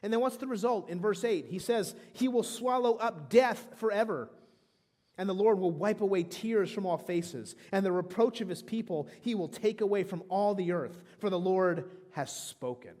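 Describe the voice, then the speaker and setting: A man's voice: high-pitched, lively intonation, normal speed, a little mellow. A man in his thirties preaching a sermon as pastor, emphatic, with frequent restarts. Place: church sanctuary. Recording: long hall reverb.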